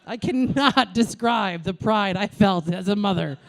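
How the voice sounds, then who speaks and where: This time the New York-born comedian, a woman in her thirties, speaks a little slowly in a mid-range voice. Her stand-up into the stage mic stays brash and crude, with animated punchlines.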